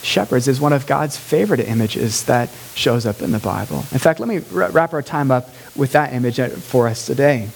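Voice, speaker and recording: A man's voice: medium pitch, normal speed, vocal fry, few pauses, a little hiss or hum. A male pastor preaching a sermon in a conversational way, lifting to emphatic peaks.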